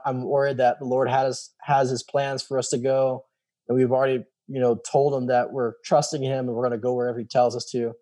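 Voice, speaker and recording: A man telling a personal story in casual talk, acting out quoted dialogue with lots of fillers. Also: medium pitch. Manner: animated, acts out quoted dialogue; many fillers and repeated "I was like". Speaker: guest telling his story.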